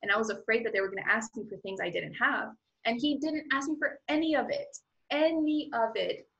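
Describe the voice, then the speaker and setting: A woman with a fairly high voice tells a personal story as a guest. She talks casually and chattily, scattering "like" through her sentences, and acts out her own thoughts as she goes. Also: fairly quick, creaky, fairly bright tone, dull audio. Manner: chatty, filler-heavy with frequent "like".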